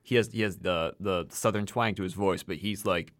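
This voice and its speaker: A man's voice: sits low, moderate pace. A young man from the American Midwest, co-hosting a casual chat, telling rambling stories and swearing freely. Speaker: podcast co-host.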